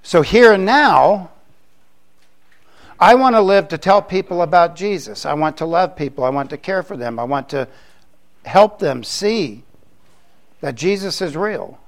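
A man's voice: high-pitched, animated, a little slow, pauses often. An older man from Florida, preaching a sermon in a conversational way, with joking asides. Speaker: pastor.

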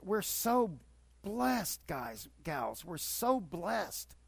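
A man's voice: high voice, big pitch swings, very slow, gravelly, husky, dry recording. A middle-aged male pastor preaching conversationally, with repeated surges of enthusiasm. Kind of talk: sermon.

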